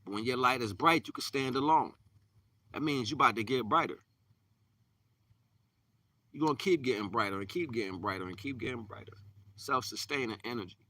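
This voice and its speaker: A man's voice: medium pitch, brisk, pauses often, bright, forceful tone, recorded from a distance. A man giving a live-streamed spiritual talk in a repetitive, preachy way, often dropping to a near-whisper. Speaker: spiritual teacher.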